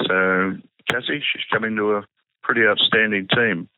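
A man with an Australian accent, a touch football coach, giving a measured, plain-spoken interview answer over the phone. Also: lowish voice, steady tone, no echo. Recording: tinny phone line.

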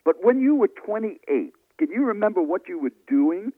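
Lively older man on a tinny line. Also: high voice, moderate pace, no room sound. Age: 70s. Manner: lively, animated storyteller acting out dialogue. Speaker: speaking coach guest. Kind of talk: storytelling interview answers. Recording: tinny phone-line audio, dry.

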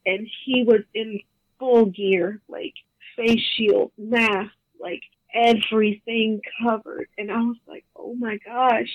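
A woman, a bereaved mother, telling the story of her daughter's death haltingly as a guest in an interview. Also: on the high side, little pitch movement, dry recording. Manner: halting, emotional, quotes others often. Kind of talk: emotional personal account. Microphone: phone. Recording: tinny phone line.

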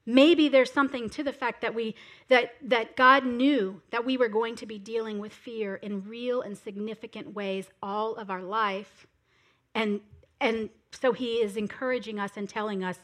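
High-voiced woman preaching a sermon. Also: moderate pace, a bit bright. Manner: earnest, reads scripture aloud with emphasis.

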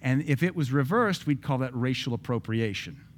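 A man's voice: medium pitch, animated, moderate pace, slight background noise. A man giving opinionated social commentary from a Christian view, speaking emphatically with many repeated rhetorical questions.

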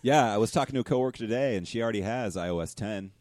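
Man, fairly low voice, dry sound, relaxed, laughs a lot. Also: racing, no echo. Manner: laid-back, laughs often, teases his co-host. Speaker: podcast co-host. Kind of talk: casual podcast chat.

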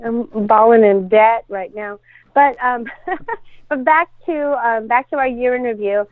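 A woman's voice: on the high side, measured pace, dry recording. Casual female co-host, talkative, laughs a lot, thin lo-fi phone-quality audio. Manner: chatty, laughs often, many fillers. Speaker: podcast co-host, dental practice owner. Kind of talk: casual podcast chat. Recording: tinny phone-like sound.

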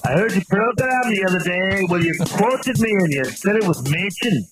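A pompous, overdone old-time preacher, as a man puts him on with a high, lofty voice and a theatrical put-on accent. The bit is a played clip with loud music under it. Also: expressive, moderate pace, poor audio. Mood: grandiose.

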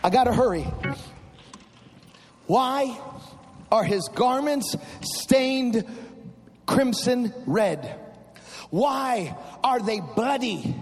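Male pastor, very high and animated, storytelling sermon with shouted refrains. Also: long reverb tail. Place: large church.

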